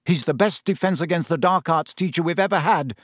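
A man's voice: fairly high pitch, a little fast, a bit bright, no echo, studio quality, pitched above the performer's own voice. A man voicing a teenage schoolboy who speaks up boldly and forthrightly. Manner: bold and forthright. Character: bold teenage schoolboy standing up for a teacher.

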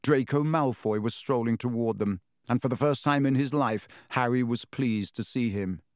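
A man narrates a story with a steady, measured delivery. His voice sits at a mid pitch, recorded close on a dry, deadened mic. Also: dry recording. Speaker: audiobook narrator. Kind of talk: scripted narration.

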